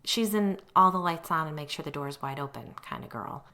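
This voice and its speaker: A mother reading her own ghost story in the first person, with vivid storytelling and forceful outbursts. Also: deep voice, a little fast. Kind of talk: read first-person narration.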